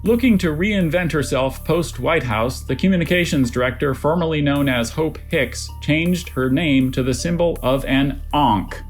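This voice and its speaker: A spelling bee pronouncer reads words and definitions over a video call. The delivery is deadpan and the voice sits in a middle range, with faint music underneath. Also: medium pitch, moderate pace, hardly any pauses.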